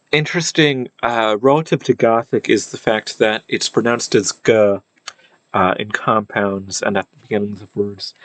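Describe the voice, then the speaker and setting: A man's voice: on the low side, dry recording, poor audio. A man giving an unscripted explainer lesson, thinking aloud with frequent fillers and self-corrections. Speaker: video lecturer on historical linguistics.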